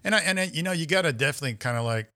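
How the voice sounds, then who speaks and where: On a podcast, a man tells a story in casual conversation, speaking rapid-fire in a higher-than-average voice. He's an animated storyteller who acts out the voices of the people he quotes.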